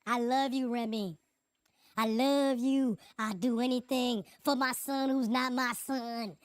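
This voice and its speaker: A man doing a mocking impression of a heartbroken husband begging his wife, slow and pleading. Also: very high voice, fairly even intonation, smooth, no echo, pitched above the performer's own voice. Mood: whiny pleading. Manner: slow, begging, exaggerated mockery.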